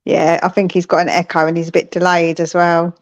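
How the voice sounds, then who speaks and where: A woman's voice: on the low side, level tone, fairly quick, lo-fi sound. A woman co-hosting a live chat, speaking in a direct, practical way. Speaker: co-host.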